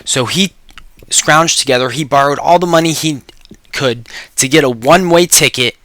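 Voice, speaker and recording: A man's voice: on the high side, moderate pace, a bit bright, no echo. A man presenting a sales webinar, telling dramatic stories and pushing hard to buy now. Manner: emphatic, pushy, dramatic storyteller. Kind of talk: sales pitch storytelling.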